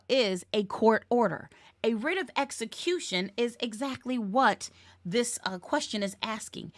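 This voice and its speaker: Playful, high-voiced woman tutor. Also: dry recording, studio quality. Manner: playful, chatty, sings snippets and cheers. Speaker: real estate exam tutor. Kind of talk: live webinar teaching.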